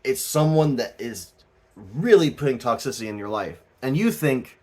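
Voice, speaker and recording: A man giving a tarot reading as the host, talking casually, rambling and animated, often laughing and swearing. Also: medium pitch, normal speed. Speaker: tarot reader.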